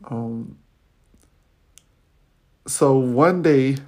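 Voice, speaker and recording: A man's voice: mid-range voice, drawn-out words, warm tone. A man hosting a podcast, casually telling a personal story in slangy talk with many fillers. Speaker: podcast host.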